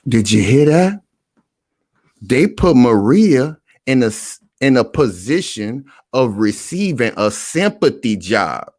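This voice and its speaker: Animated man hosting reaction commentary. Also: mid-range voice, takes it slowly, no echo, clean studio sound. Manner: animated, repetitive, addresses the audience directly. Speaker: online commentary host.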